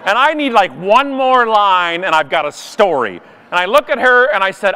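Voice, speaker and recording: Canadian male speaker, comic storyteller on a conference stage, high and lively, self-mocking. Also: brisk, smooth. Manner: animated, self-mocking, mimics people in the story. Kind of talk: comedic keynote storytelling. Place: conference stage before a live audience.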